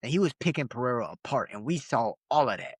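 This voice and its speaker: A man's voice: mid-range voice, lively intonation, quick pace, breathy edge, no room sound. A young man co-hosting a casual podcast, talking loosely with slang and frequent laughs. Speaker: podcast co-host. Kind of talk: casual chat.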